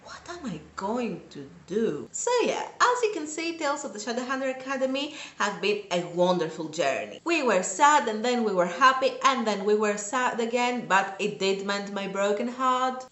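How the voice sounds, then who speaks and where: A woman reviewing books in a casual video, gushing with enthusiastic fan excitement. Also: fairly high pitch, moderate pace, few pauses. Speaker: book reviewer. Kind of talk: casual book review vlog. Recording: roomy echo.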